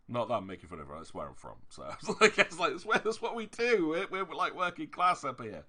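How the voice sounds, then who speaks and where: A man's voice: on the high side, wildly swooping pitch, fast, few pauses, sharp tone, breathy edge. A man with a Yorkshire accent chatting casually while streaming a game. He rambles, hesitates and corrects himself often, with an exasperated, emphatic edge.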